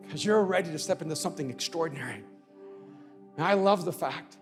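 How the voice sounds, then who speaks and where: High-pitched guy preaching at a conference, gets loud and emphatic, faint music behind. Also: fast, long reverb tail. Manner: builds from conversational storytelling to shouted crescendos. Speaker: pastor. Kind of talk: conference sermon.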